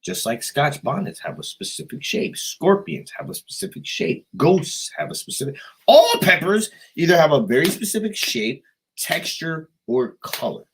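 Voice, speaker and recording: American guy ranting on a live stream, husky voice, swears a lot, gets loud then goes quiet. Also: a little high, moderate pace, rough recording. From United States. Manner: profane, excitable, jumps between loud outbursts and quiet asides. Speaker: livestream host. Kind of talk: rambling casual livestream chat.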